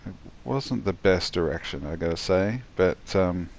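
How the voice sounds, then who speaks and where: A tired man giving a rambling, halting voice-over commentary on his own gameplay, yawning as he goes. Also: deep voice, expressive. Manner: rambling, halting, many restarts and fillers.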